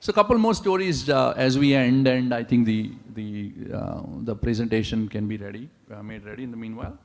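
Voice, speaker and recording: Gravelly-voiced man preaching in a big hall. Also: medium pitch, brisk. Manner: animated storyteller, asks the audience rhetorical questions. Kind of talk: sermon with storytelling. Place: large temple hall. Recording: long reverb of a large hall.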